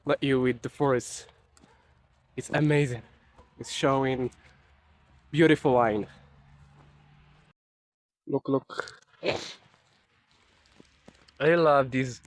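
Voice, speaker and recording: A young man from Morocco chatting casually while walking through a forest on a rainy day, halting and searching for words in English. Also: mid-range voice, fairly even intonation. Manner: soft, unhurried talk while walking. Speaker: nature vlogger. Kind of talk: casual walking vlog chat.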